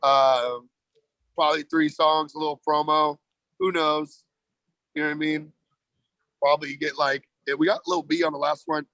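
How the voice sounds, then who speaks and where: A laid-back American man who jokes and swears freely while chatting as a podcast guest. His voice sits a little high for a man. The sound is dry and close. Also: flat delivery, moderate pace, long pauses, bright, forceful tone, no room sound, rough recording. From United States. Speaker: touring band member, podcast guest. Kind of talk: casual chat.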